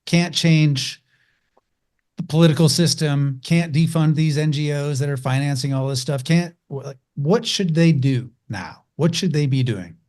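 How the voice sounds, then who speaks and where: A male host asks his guest questions, starting over and searching for words as he goes. His voice sits a little on the high side. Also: moderate pace, a little mellow. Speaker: host, interviewer. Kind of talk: conversational interview.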